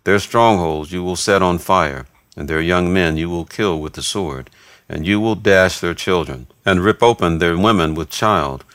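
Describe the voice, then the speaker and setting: A man giving a steady, measured reading of scripture, voicing narration and quoted speech alike. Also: sits low, no echo. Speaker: scripture reader.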